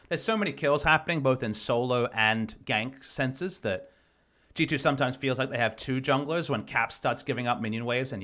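A man's voice: medium pitch, sharp tone. A man breaking down a recorded match as an esports analyst, explaining plays in detail. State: losing his voice. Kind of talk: game review commentary.

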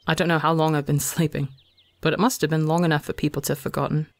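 Man voicing a weary gentle forest god. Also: fairly high pitch, flat delivery, fast, dry recording, lightly acted. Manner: soft, tired, wistful.

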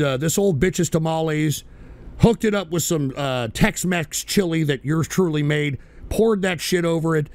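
A man hosting a live internet call-in show, rambling, cursing and losing his temper at trolls. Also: on the high side. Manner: hot-tempered, swearing, rambling. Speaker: internet radio host. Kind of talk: profane live call-in stream.

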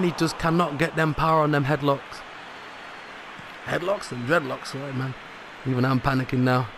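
Gravelly man commentating a football game. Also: mid-range voice, a little hiss or hum. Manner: excitable, rises sharply at goals. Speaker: gaming commentator.

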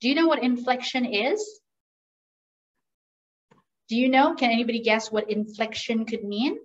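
A woman running an interactive workshop on professional communication, lively and asking the audience questions. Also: a little high, normal speed, far from the mic, highs cut off. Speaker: communication skills trainer. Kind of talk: interactive online workshop talk.

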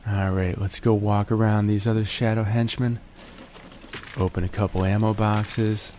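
A man with a groggy morning voice talks through his gameplay in a relaxed, joking way, narrating each step. His voice sits on the lower side. A steady noise runs under the recording. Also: normal speed. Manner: relaxed, jokey, narrates each move with puns. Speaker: gaming video host. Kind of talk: gameplay commentary.

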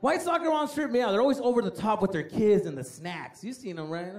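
A man's voice: high-pitched, fast. A young man doing a stand-up comedy set, telling stories animatedly with lots of profanity, on a handheld mic before a live audience in a large venue. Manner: animated storytelling, lots of profanity, acts out voices. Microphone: handheld stage mic. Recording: live stage recording with audience laughter.

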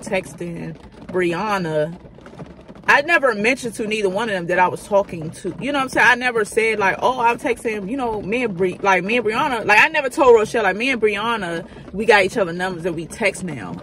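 A woman's voice: medium pitch, a bit bright, a little hiss or hum. Chatty woman telling a candid storytime. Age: 30s. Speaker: vlogger. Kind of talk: casual storytime. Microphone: phone camera.

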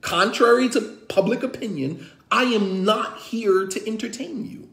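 High-voiced man, imam giving a fired-up class lecture, keeps repeating himself, roomy echo. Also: a little slow, creaky, fairly bright tone. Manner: emphatic, repetitive, rhetorical questions. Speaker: imam and teacher. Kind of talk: impassioned religious class lecture.

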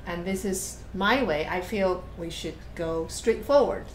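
Background piano accompanies a woman whose voice sits on the low side and moves a little slowly. Acting as a piano teacher, she gives patient masterclass feedback on a recorded performance, explaining plainly and counting or humming passages aloud.

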